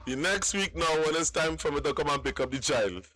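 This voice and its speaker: A man's voice: a little high, lively intonation, fairly quick, pushed and bright, soft background music. Man telling his story. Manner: rambling, repeats words in Creole English. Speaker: caller.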